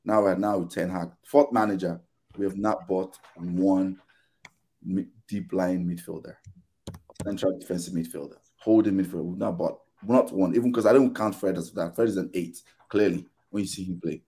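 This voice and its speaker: A low-voiced man speaks at a moderate pace during a casual podcast panel chat. He rants with animated exasperation, acting out both sides of arguments through quoted back-and-forth.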